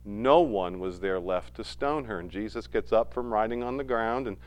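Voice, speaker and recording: Speaking at normal speed in a lowish voice, a man preaches as a pastor. He alternates between loud, emphatic moments and quiet asides while voicing quotes as he retells scenes.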